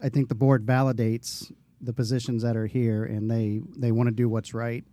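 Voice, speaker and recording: Guy co-hosting a podcast, mellow voice, rambly, lots of you-knows. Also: mid-range voice, level tone, moderate pace, no echo. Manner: rambling, many fillers and restarts. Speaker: podcast co-host, bus driver. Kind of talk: casual podcast chat.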